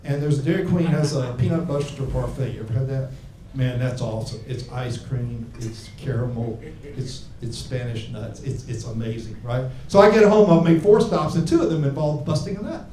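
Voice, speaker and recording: Brash comic in a roomy club. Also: male voice, mid-range voice, normal speed, noisy background. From Alabama. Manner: crude, brash, shouting punchlines. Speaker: stand-up comedian. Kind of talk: stand-up set. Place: comedy club stage. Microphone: handheld mic. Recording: roomy club sound from far off.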